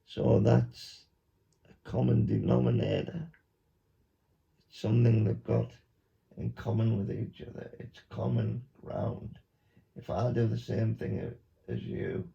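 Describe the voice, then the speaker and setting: A man, a YouTuber, giving a mock hypnosis monologue with slow, repetitive, coaxing instructions. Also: fairly low pitch, creaky, warm tone. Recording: dull lo-fi recording.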